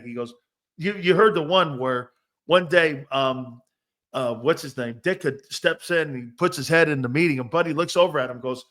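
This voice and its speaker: A male sports show host with a somewhat high voice, chatting casually. He winds through long, rambling questions and brings retold stories to life. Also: normal speed, a bit bright. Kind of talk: casual interview chat.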